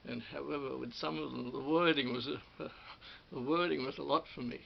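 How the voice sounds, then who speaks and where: Gravelly, halting Australian man reminiscing. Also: medium pitch, fairly even intonation, lo-fi sound, slight background noise. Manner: halting, many restarts and repeated words, chuckling. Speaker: former radio studio producer. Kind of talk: rambling personal reminiscence.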